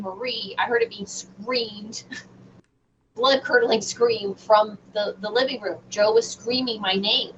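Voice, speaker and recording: A woman guest on a radio show, telling a personal story in an animated, halting way with many fillers. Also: a little high. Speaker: guest medium. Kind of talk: casual storytelling in a radio interview. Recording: distant, dull lo-fi sound with faint noise.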